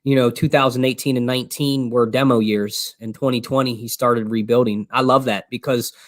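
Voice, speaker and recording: A man co-hosting a motivational faith talk, speaking with energetic, preacherly fervor and a habit of repeating his phrases. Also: mid-range voice, brisk, no echo, clean studio sound. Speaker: co-host.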